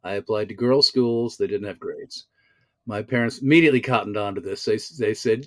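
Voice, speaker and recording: A man's voice: lowish voice, brisk, a little mellow, no echo. A man, raised in the American South, telling stories as an actor guest in a casual interview, wordy and self-mocking.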